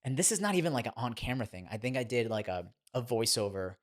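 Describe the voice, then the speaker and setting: Animated man telling stories. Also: medium pitch, quick pace. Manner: animated, chatty, laughs as he tells stories. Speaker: guest, former child actor turned boxing trainer. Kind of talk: casual podcast storytelling.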